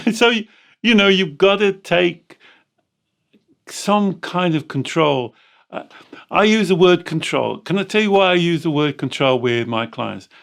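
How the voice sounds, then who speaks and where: A man hosting a life-coaching conversation, his voice carrying a gravelly rasp. He explains patiently and animates quoted inner thoughts as he goes. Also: high-pitched, expressive, unhurried. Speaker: life coach and podcast host.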